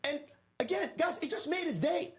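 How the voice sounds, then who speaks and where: A man from Florida, a podcast guest, telling a story in an energetic, emphatic way and talking straight to the listeners. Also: very high-pitched, moderate pace. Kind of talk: animated storytelling to an audience.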